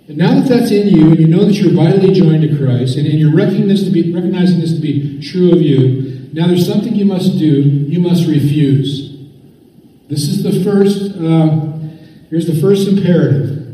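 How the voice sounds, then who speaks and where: A male preacher with a dark, mellow voice set a little high, delivering a sermon. He repeats key phrases and asks the listeners questions. The sound is distant, with a long reverb from a large hall. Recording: echoey hall, voice from far off.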